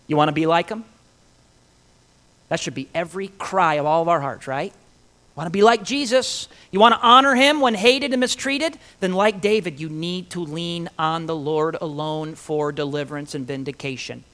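A man preaching a sermon, emphatic and animated, with rhetorical questions and dramatic pauses. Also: on the high side. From Italian heritage.

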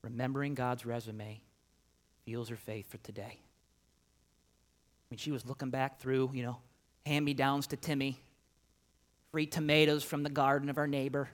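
A middle-aged man preaching a sermon, telling a personal story with animated swings from loud emphasis to quiet asides. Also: medium pitch, normal speed, long pauses. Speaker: pastor.

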